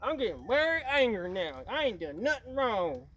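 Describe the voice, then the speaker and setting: A man's voice: high-pitched, big pitch swings, moderate pace, pitched above the performer's own voice, exaggerated voice. A man voicing a stubborn, belligerent redneck who denies everything to a cop, talking defiantly and indignantly. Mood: angry. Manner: defiant and indignant, growing shouty.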